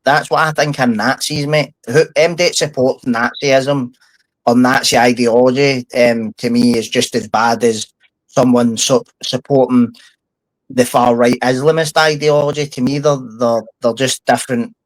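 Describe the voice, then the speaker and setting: A man's voice: mid-range voice, fairly even intonation, a little slow, no room sound, low-quality recording. Middle-aged Scottish man, blunt, heated talker, dry close mic. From Scotland. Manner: blunt, sweary, heated storytelling. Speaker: podcast guest, former prisoner. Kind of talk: casual podcast chat.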